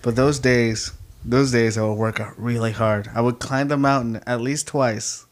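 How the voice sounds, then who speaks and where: A young man chatting as a guest, telling stories in an animated way with lots of fillers like "you know" and "like". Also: mid-range voice, moderate pace. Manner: animated storyteller, many fillers. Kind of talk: casual chat.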